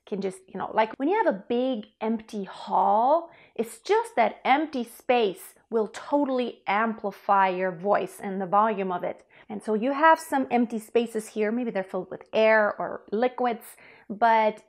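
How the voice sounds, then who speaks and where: A young woman coaching singers with a slightly high voice. She explains vocal technique in an easy, chatty way and breaks into short sung demonstration notes. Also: measured pace. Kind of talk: singing lesson.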